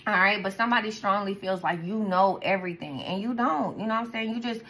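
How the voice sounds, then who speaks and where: A woman's voice: mid-range voice, quick pace, a bit bright, rough recording. A woman giving a casual tarot reading to her viewers, talking in a chatty, profane, rambling way and often breaking into laughs. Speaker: tarot reader.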